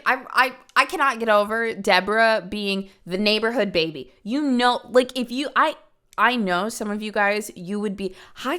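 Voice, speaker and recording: Young woman host, chatty true-crime storyteller, punchy and emphatic, average pitch. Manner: animated, emphatic, swears for emphasis. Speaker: podcast host.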